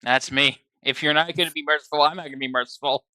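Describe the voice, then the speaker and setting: A man's voice: a little high, steady tone, fast talker, sharp tone, smooth, dry recording, studio quality. A man chatting casually on stream, playful and apologetic. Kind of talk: casual chat during a game voice-over. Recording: music playing behind voice. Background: game music.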